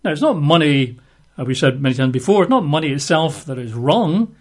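A man preaching a verse-by-verse Bible teaching, unhurried, stretching key phrases and slipping in casual asides with fillers. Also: fairly high pitch, expressive, darkish tone.

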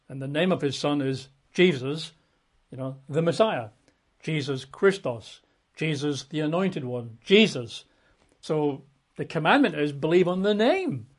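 Man, preacher, conversational sermon, slightly high pitch, frequent asides. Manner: relaxed conversational, many asides and self-corrections. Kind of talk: sermon Bible teaching.

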